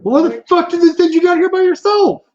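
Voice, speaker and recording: A man doing a shrill cursing goblin king. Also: animated, a little fast, dull audio. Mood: brash. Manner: shouting, cursing, high-pitched. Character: crude brash male goblin king.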